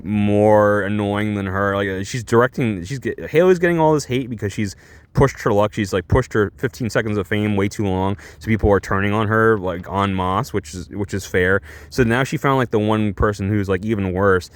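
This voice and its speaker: A man's voice: fairly low pitch, moderate pace, no room sound. A man ranting sarcastically in a reaction commentary, exasperated and full of restarts. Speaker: commentary YouTuber.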